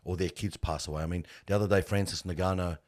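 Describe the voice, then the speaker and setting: A middle-aged man who works in funerals tells stories earnestly and animatedly in a casual interview, often calling the listener "bro." He has a low voice and talks fast.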